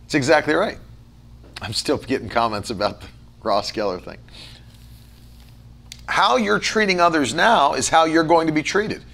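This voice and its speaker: A man delivers a sermon in a somewhat high voice. He tells stories in a chatty way, full of fillers. Then he drives his points home with repeated words in rhythmic lists. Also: expressive, normal speed, vocal fry, long pauses, fairly bright tone. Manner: conversational storytelling with fillers. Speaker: pastor.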